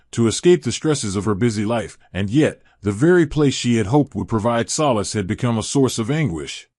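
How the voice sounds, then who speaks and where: A man reading a scripted story in an even, measured way. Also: mid-range voice, no room sound, clean studio sound. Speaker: narrator.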